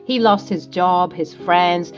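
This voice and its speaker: A woman's voice: on the low side, takes it slowly, soft background music. A woman narrating a scripted story in a dramatic, recounting manner.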